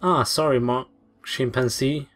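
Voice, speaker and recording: A man's voice: medium pitch, steady tone, unhurried, a bit bright, natural voice. A man voicing a nervous teenage girl who speaks in a shaky, uneasy way.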